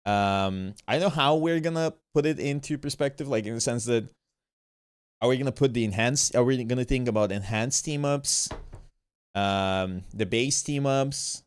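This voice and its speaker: A man's voice: medium pitch, normal speed, smooth, no room sound, clean studio sound. A playful, rambling man from Italy chatting casually on his gaming stream and swearing now and then.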